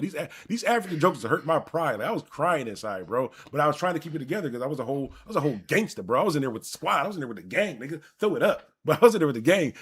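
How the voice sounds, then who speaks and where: A fairly high, breathy voice belongs to this Buffalo, New York man, who is hosting a live stream. He tells his viewers a rambling personal story in a casual, animated way, cursing as he goes and addressing them head-on.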